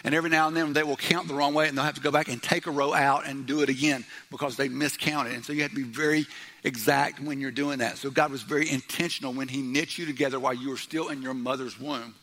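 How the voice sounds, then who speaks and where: A middle-aged man preaching a sermon in church, loud, animated and joking. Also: mid-range voice, fast. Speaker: pastor.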